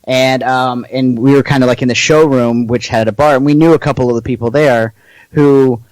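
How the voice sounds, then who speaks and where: A man's voice: medium pitch, fairly even intonation, moderate pace, a little mellow, no echo, poor audio. A man co-hosting a casual podcast, joking about himself and laughing a lot as he talks. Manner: easygoing and self-mocking, frequent laughter, filler-heavy. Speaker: podcast co-host. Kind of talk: casual chat.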